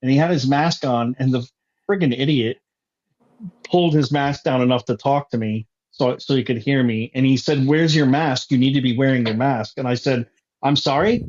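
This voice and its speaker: A man's voice: mid-range voice, normal speed, darkish tone. A man in a casual chat, ranting hotly and swearing freely. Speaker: guest. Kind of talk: casual conversation. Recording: dull lo-fi sound.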